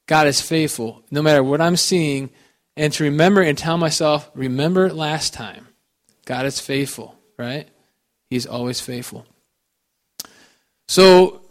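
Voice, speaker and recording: Man, guest speaker, rambling folksy testimony, slightly high voice, earnest storytelling. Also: a bit bright. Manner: rambling, folksy, full of "you know".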